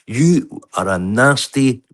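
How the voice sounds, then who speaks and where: A man's voice: mid-range voice, expressive, takes it slowly. A man on a video call, telling an angry, heated and sweary story with lots of restarts. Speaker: livestream guest. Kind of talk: heated casual rant.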